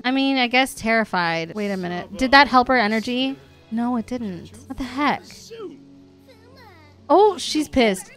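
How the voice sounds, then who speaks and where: A woman hosts a gaming video in chatty let's-play commentary and keeps exclaiming at the characters on screen. Her voice sits a little high and sounds smooth and clear. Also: lively intonation, normal speed, a bit bright, soft background music. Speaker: gaming channel host.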